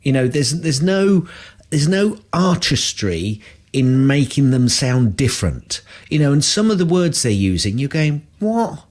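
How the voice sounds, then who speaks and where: A man's voice: medium pitch, very animated, unhurried, a little mellow. A man co-hosting a podcast in casual chat, blunt and grumbling, repeating himself for emphasis. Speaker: podcast co-host.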